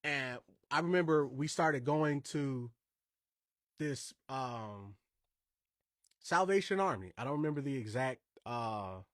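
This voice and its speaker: A man's voice: mid-range voice, lively intonation, takes it slowly, no room sound, clean studio sound. A man from Indiana hosting a podcast, telling stories in a casual, emphatic way with rambling asides. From Indiana, USA. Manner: emphatic, conversational, wandering asides. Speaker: podcast host.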